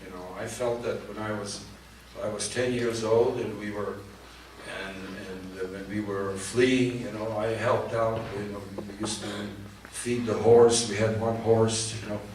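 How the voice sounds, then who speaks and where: Older man, low voice, halting testimony, echoey hall, distant mic. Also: little pitch movement, darkish tone. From Poland. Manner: halting, repeats words, earnest. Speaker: Holocaust survivor speaker. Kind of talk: personal testimony to students. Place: large hall at a community event. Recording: echoey hall from far off, faint noise.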